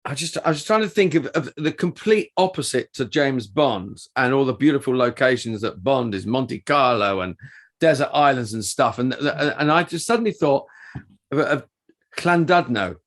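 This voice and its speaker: A man's voice: medium pitch, normal speed. A middle-aged man, a podcast co-host, telling anecdotes in casual chat with many restarts. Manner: animated storytelling with restarts. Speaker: podcast co-host and touring performer.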